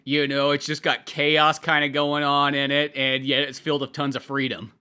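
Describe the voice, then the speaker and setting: A man's voice: a little high, level tone, normal speed, pushed and bright, clear, resonant tone. A man co-hosting a podcast, chatting casually about a movie, swearing freely and laughing often. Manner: profane, laughing, puts on mock voices. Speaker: podcast co-host.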